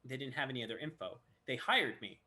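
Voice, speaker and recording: Lively male voice actor telling stories, bright voice that swoops a lot; casual chat. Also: mid-range voice, fast talker. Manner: animated storyteller who acts out quotes. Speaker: voice actor guest.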